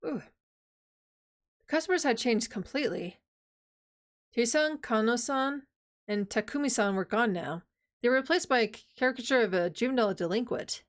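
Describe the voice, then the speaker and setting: A woman's voice: a little high, animated, a little fast. A woman streamer reading a visual novel aloud and chatting casually, swearing and laughing at herself.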